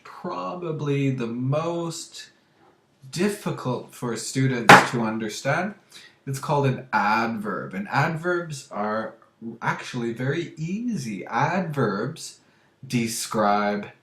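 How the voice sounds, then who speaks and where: A man teaching a grammar lesson to English learners, speaking slowly and deliberately and often checking understanding with "okay?". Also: mid-range voice, a bit bright. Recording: echoey room.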